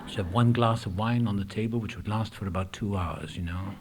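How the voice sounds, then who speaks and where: A man's voice: lowish voice, fairly quick, a crowd in the background. A man telling his recovery story at a meeting, candid and reflective, with frequent hesitations. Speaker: AA speaker. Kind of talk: personal recovery talk. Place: meeting room.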